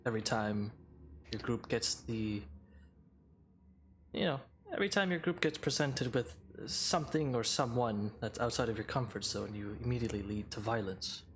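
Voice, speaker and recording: Brief: aloof drow woman, measured and patronizing, played by a man. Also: mid-range voice, a little hiss or hum, lightly acted. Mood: cool, condescending. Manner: measured, condescending. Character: cool, condescending drow woman.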